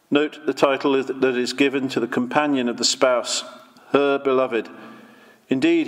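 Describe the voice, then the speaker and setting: A man reading a Victorian sermon aloud in a slow, measured, solemn way. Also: mid-range voice, a bit bright, in a large hall. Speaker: reader of sermons.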